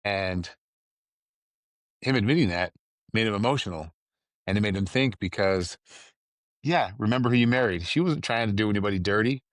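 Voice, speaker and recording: A man's voice: fairly low pitch, moderate pace, pauses often, no room sound, studio quality. A man hosting a podcast on his own, talking in a loose, rambling, conversational way with lots of asides. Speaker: podcast host. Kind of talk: casual solo chat.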